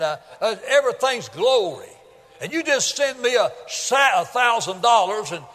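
Older man, preacher, folksy sermon, high voice, long hall reverb. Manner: folksy, storytelling, rises to loud emphatic peaks.

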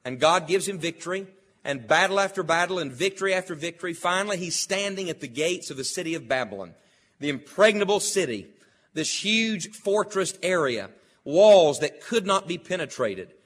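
A man preaching a sermon, reading scripture slowly and deliberately, then teaching in an earnest, emphatic way. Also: sits high, animated, fairly bright tone, husky.

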